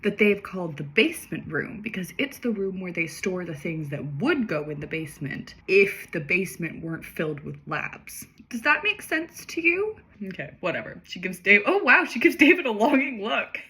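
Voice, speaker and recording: A woman's voice: fairly low pitch, expressive, moderate pace, hardly any pauses, bright, forceful tone. A woman reading a homemade story aloud for laughs, with sarcastic, amused asides. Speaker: reader and commentator. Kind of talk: comedic read-aloud of a story.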